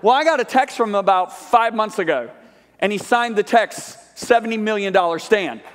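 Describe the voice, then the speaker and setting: Male guest preacher, higher register, animated storyteller voicing both sides of the dialogue, live church hall reverb. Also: moderate pace. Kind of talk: sermon storytelling. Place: large church sanctuary.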